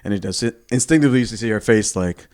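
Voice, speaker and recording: A man with a low-pitched voice chats casually as a guest on a comedy podcast. He tells stories loosely and laughs often between lines. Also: quick pace, a little mellow.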